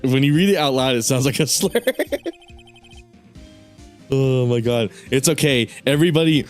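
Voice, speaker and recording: A young man streaming a game, rambling through casual gameplay commentary in an irreverent, giggly way. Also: medium pitch.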